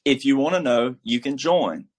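A man's voice: medium pitch, expressive, moderate pace. A man giving casual political commentary as a guest, emphatic and preachy, with a folksy, filler-heavy way of talking. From military background.

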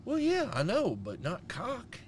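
A man's voice: extremely high pitch, wildly swooping pitch, measured pace, slight background noise. A middle-aged man co-hosting a podcast, telling a story in casual chat with heavy swearing. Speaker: podcast co-host.

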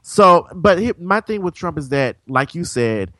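A man co-hosting a relaxed talk show, telling little stories and laughing along with his co-host. His pitch swings widely as he talks, and the sound is dry and close. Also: unhurried, dry recording. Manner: chatty, laughs along, storytelling. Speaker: podcast co-host. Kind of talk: casual chat.

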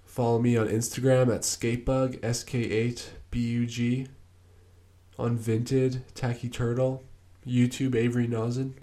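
This young podcast host speaks at a measured pace in a warm, medium-pitched voice with flat delivery. Alone on the mic, he rambles through stories in a laid-back way, using lots of fillers.

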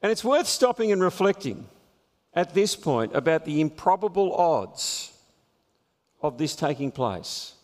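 High-voiced preacher in an echoing hall. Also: male voice, unhurried. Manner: animated storytelling, chuckling at his own jokes. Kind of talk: sermon.

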